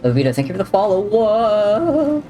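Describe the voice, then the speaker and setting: A man talks through a live gaming stream in a relaxed, joking way, thanking followers and answering chat between comments on the game. His voice sits at an ordinary middle pitch. Soft game music plays underneath. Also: moderate pace. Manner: chatty, jokey, drifts between talking to chat and to the game. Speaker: livestreamer. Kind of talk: casual gameplay commentary, reading chat. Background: faint game music.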